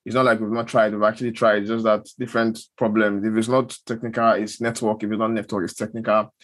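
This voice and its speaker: A man's voice: fairly low pitch, little pitch movement, fast. A young man with a Nigerian accent co-hosting a podcast in casual, rambling, self-deprecating chat. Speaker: podcast co-host.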